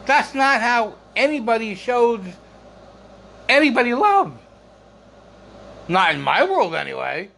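An exasperated man vents in a rambling, unhurried way, often repeating his words and swearing. His voice sits high and swings widely in pitch, and he coughs and clears his throat between lines. Faint noise hums under the recording. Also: sing-song, pushed and bright. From United States. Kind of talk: casual storytelling rant.

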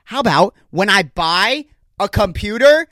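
A man's voice: high voice, lively intonation, unhurried, sharp tone, dry recording. A young man hosting a solo comedy podcast on a studio mic, rambling through stories with exasperated, self-mocking energy. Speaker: podcast host. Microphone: studio podcast microphone.

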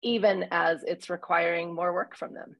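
A woman in casual conversation as a church minister, talking reflectively with many pauses and fillers. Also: fairly low pitch, fairly even intonation, fairly bright tone, rough recording. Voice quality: husky, gravelly.

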